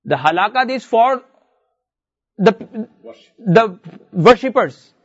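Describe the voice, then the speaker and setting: High-voiced man teaching Arabic. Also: expressive, slow pace, lo-fi sound. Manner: explains step by step, repeats words, reads Arabic verses aloud. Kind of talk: classroom lesson.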